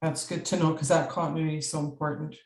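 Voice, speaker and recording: A woman's voice: sits low, little pitch movement, quick pace, darkish tone, reverberant, rough recording. A woman facilitating an online session, friendly and hesitant, with many fillers.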